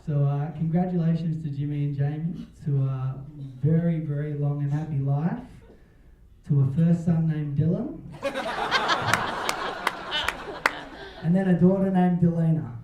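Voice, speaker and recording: Man giving a wedding toast, mellow voice, far from the mic, heavy room echo, dull sound. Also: a little high, takes it slowly, long pauses, slight background noise. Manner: joking, chuckling between lines. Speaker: wedding speech giver. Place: wedding reception hall. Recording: distant, roomy, dull-sounding hall.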